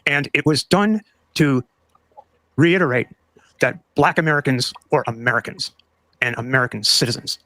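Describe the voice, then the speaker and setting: A man's voice: mid-range voice, normal speed, long pauses, bright, forceful tone, no room sound. A man on a podcast earnestly explaining a point, lecturing with some restarts. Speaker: podcast co-host.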